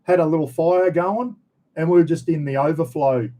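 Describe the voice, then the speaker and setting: A man's voice: fairly high pitch, normal speed, mellow, low-quality recording. A middle-aged Australian man, a former cop and prison officer, chatting bluntly on a livestream while he answers questions from viewers. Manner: blunt and salty, swears freely. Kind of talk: casual livestream chat.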